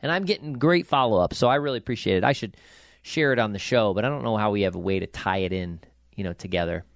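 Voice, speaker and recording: A man's voice: on the low side, fast, creaky. A man hosting a casual finance podcast, chatty and upbeat with plenty of fillers. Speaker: podcast host.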